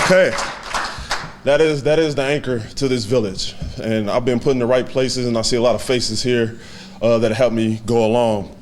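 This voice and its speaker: A man in his twenties giving a heartfelt, halting acceptance speech to a banquet audience, with many fillers. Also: mid-range voice, fairly even intonation, crowd noise, noisy background. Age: 20s. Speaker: hall of fame inductee giving a speech.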